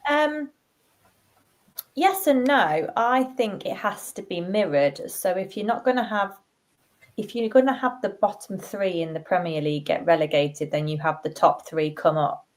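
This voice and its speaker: A woman on a fan panel, calmly reasoning through her view in a casual football chat. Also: medium pitch, a little slow.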